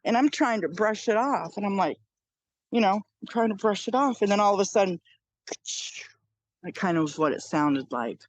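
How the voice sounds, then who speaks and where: An older woman tells a deeply personal story in an earnest, animated way, circling back and repeating phrases for emphasis. Her voice sits at an ordinary middle pitch, recorded dry and close. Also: normal speed, no echo. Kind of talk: personal near-death story.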